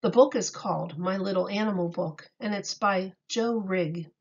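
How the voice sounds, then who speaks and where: A woman's voice: medium pitch, normal speed, dull audio. A woman teacher reading a picture book aloud to children, patiently asking them questions and praising their answers.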